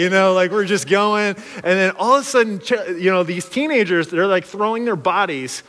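A man preaching in a loose, storytelling way, his voice sitting a touch high for a man. He acts out every quote with big leaps in pitch and volume, and a long reverb trails each phrase as if he fills a big hall. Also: a little fast, few pauses, fairly bright tone. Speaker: pastor. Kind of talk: storytelling sermon.

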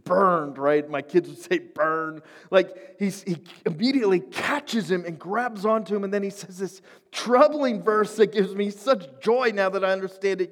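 A man preaching a sermon as pastor, dropping to whispers and rising to shouts. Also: high-pitched, normal speed, few pauses. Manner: swings from hushed whispers to loud shouted climaxes. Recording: long hall reverb.

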